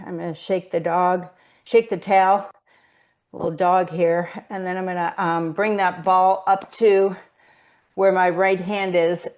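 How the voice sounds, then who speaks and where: Slow, unhurried woman teaching pilates. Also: mid-range voice, a little mellow. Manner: counting reps while doing the moves. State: out of breath. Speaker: pilates instructor. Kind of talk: guided exercise class instruction.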